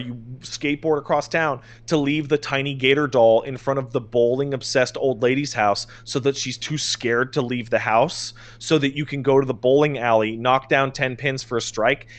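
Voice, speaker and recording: A man co-hosting a podcast, telling stories in an excited, exasperated way with restarts and swearing. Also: medium pitch. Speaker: podcast co-host. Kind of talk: casual chat.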